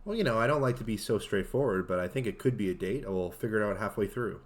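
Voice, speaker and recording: Shy awkward guy cohosting, low voice, halting deadpan delivery. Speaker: co-host. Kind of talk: deadpan comedy banter.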